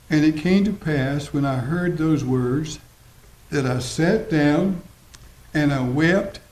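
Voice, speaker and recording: A man preaching a sermon as pastor, folksy and repetitive, slowing down to stress his points. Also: on the high side, darkish tone. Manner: folksy preaching, repeats phrases, slows for emphasis. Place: church sanctuary. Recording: roomy church echo.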